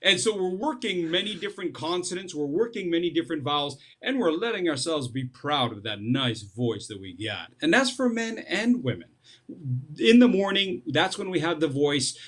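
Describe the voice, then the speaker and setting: A man's voice: fairly high pitch, very animated, moderate pace, fairly bright tone. A middle-aged man, a speech coach, giving tips as a guest in a playful, joking, demonstrative way.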